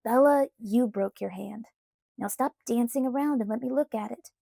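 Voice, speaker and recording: A cocky, cheerful teenage boy, read by a woman, speaks in an easygoing, coaxing way. The reader's voice stays mellow and a little high, without a deep put-on tone. The recording is close and dry. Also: moderate pace, creaky, no echo.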